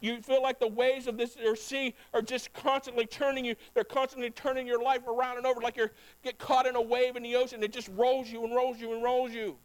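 A man preaching a sermon as pastor, talking straight to his congregation and swinging between low, quiet passages and loud, climbing ones. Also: level tone, a little fast, few pauses, clean tone, poor audio. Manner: talks directly to the congregation.

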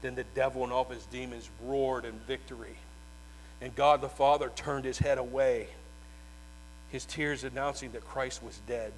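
A male preacher delivering a sermon as dramatic storytelling, moving between hushed, slow passages and shouted proclamations. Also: medium pitch, steady tone, slight background noise, low-quality recording.

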